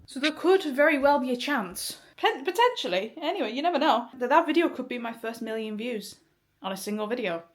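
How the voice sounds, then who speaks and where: A woman's voice: sits high, animated, normal speed. Chatty woman vlogging. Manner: chatty, swears casually, laughs often. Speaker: vlogger and musician. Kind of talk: casual vlog chat to camera.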